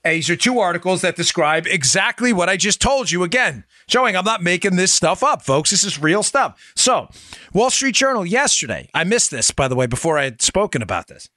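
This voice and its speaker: A man's voice: very animated, brisk, pushed and bright, no echo, clean studio sound. A man hosting a political commentary podcast, speaking emphatically and sarcastically straight to his listeners. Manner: emphatic, talks directly to listeners as folks; sarcastic asides, rising pitch when worked up. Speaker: podcast host.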